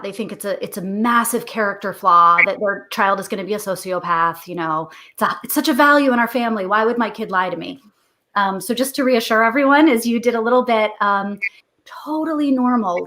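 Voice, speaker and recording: A woman's voice: mid-range voice, fairly bright tone. A middle-aged woman, a guest author, explaining parenting advice in a chatty interview, acting out what parents and kids say. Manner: chatty and explanatory, acts out parent and kid lines.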